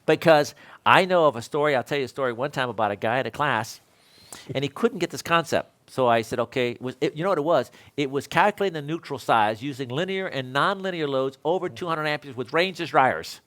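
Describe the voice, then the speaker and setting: Lively storytelling instructor man. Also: medium pitch, a little fast. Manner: animated, acts out both sides of a story. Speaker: electrical code instructor. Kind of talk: storytelling in a panel discussion.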